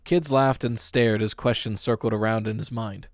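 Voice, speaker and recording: Expressive male audiobook narrator, dry sound. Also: fairly low pitch, moderate pace, few pauses, no room sound. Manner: expressive reading, raising voice for tense dialogue.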